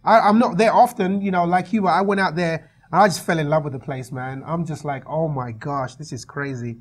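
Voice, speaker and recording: A man's voice: sits high, brisk, husky. A man with an English accent, chatting and laughing a lot as a guest singer. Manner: animated, laughing often, chatty. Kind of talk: casual chat.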